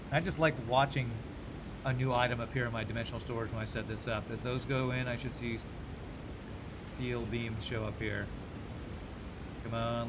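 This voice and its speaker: A young adult man streaming a game, chatting casually and thinking out loud as he plays. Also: fairly high pitch, noisy background. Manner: chatty, thinks aloud, quick laughs. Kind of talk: casual gameplay commentary.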